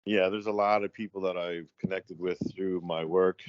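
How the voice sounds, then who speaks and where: An American man talking as a guest in a casual chat, halting and rambling with many fillers. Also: low-pitched, steady tone, clear, resonant tone, no room sound. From United States. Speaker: guest, tattoo artist. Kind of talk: casual conversation. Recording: dry, dull lo-fi audio.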